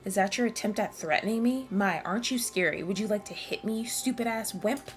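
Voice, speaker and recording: A woman voicing a sharp-tongued teenage girl with a cold, mocking manner in a video game. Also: mid-range voice, brisk, natural voice. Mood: scornful.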